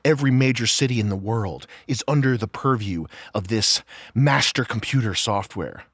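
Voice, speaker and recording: A man in casual podcast talk, mid-pitched and sarcastic, who builds long incredulous rhetorical questions and swears now and then. The recording is dry and close, with no room sound. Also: moderate pace, fairly bright tone, no echo. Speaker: podcast co-host. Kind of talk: casual chat.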